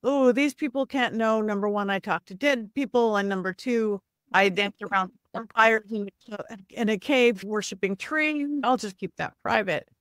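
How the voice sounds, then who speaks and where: A woman psychic medium guest telling lively stories in a casual interview, often acting out the voices of people she quotes. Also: medium pitch, clean tone, no echo, studio quality. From Southern California. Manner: animated, acts out quoted voices, quick asides.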